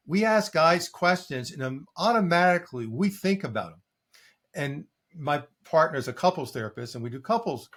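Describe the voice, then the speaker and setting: An older man, a coach being interviewed, telling stories in a lively way and acting out what his clients say. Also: a little high. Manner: animated storytelling, acting out quoted clients. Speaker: coach and guest. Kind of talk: conversational interview answer.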